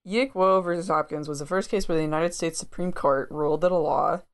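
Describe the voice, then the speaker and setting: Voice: medium pitch, fairly quick, clear, resonant tone. A podcast co-host who chats playfully, laughs easily and explains things at length. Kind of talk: casual chat.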